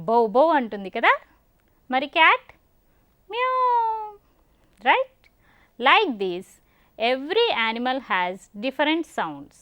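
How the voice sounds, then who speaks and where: A woman's voice: high-pitched, bright, forceful tone, no room sound, studio quality. Encouraging Indian English teacher woman. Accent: Telangana Indian English. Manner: encouraging, asks questions. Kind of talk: educational narration for children.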